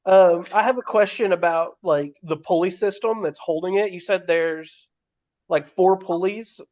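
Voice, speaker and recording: A man's voice: high-pitched, unhurried, darkish tone. A man playing a tabletop role-playing game, asking questions in a casual, self-deprecating way. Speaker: player.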